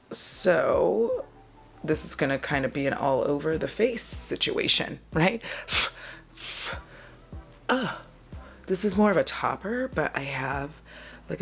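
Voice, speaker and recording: A woman's voice: low voice, vocal fry. A woman who works as a mail carrier, telling a casual, profane story with frequent laughs. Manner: animated, profane, laughs often.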